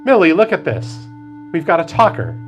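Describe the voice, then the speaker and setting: A man's voice: on the high side, huge pitch swings, moderate pace, voice pushed up. A man voicing a cheerful, kindly older woman who is tall and heavy-set, welcoming and sing-song, at a book reading with music behind.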